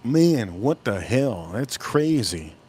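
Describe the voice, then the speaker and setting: A man's voice: mid-range voice, sing-song, takes it slowly, darkish tone, slightly rough. A man with a Miami accent hosting a casual live stream, rambling and stretching his words out as he reads chat. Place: cold room at home.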